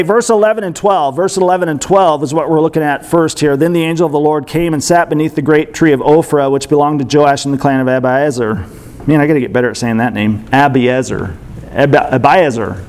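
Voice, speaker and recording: A man in his thirties preaching, reading scripture and then talking about it in a relaxed, chatty way with lots of filler words. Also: fairly high pitch. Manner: conversational, uses fillers like 'like' and 'man'. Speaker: pastor. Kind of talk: scripture reading and casual sermon commentary.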